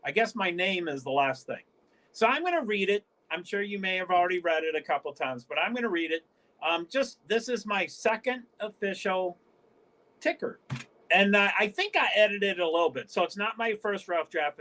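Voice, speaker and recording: A man from the northeastern US hosts his own livestream in loose, casual chat. His voice sits fairly high for a man. He wanders from thought to thought, trips over restarts and keeps cutting himself off. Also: lively intonation, a little fast, bright, forceful tone. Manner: rambling, stop-start, frequent self-interruptions. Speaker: livestream host.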